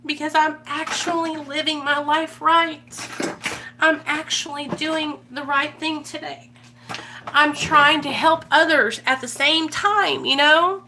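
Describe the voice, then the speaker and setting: A woman's voice: high-pitched, steady tone, slow, sharp tone, slight background noise. A young woman, talking bluntly and emphatically in a casual motivational vlog, swearing and repeating herself for emphasis. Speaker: recovery vlogger.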